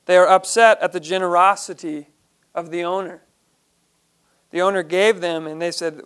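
High, resonant-voiced man teaching scripture. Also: fairly even intonation, normal speed, pauses often, a bit bright, smooth. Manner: reads a verse, then explains it plainly. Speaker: Bible study teacher. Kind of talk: verse-by-verse Bible teaching.

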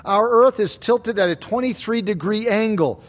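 Male preacher, pitched high, who hammers key points slowly and quizzes his listeners. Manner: emphatic, slows down and rises on key claims; asks the congregation rhetorical questions. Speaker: pastor. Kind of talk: expository sermon.

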